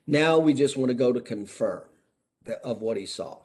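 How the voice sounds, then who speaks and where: A man's voice: medium pitch, lively intonation, normal speed, darkish tone, husky. A man coaching chiropractors, critiquing a recorded session in an emphatic way and asking rhetorical questions.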